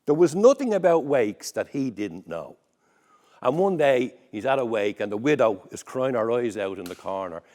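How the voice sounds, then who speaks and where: Wry Dublin storyteller. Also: male voice, medium pitch, very animated, moderate pace, a little mellow. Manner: wry, conversational. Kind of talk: comic storytelling performance.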